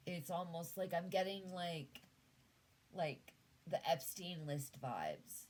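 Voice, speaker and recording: A Canadian woman talks through a tarot spread in an easygoing monologue. Her voice sits low and she takes her time. She muses aloud, trailing off and starting sentences over. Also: takes it slowly, slight background noise, rough recording. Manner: musing, trails off and restarts. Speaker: tarot reader. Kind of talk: casual tarot reading monologue.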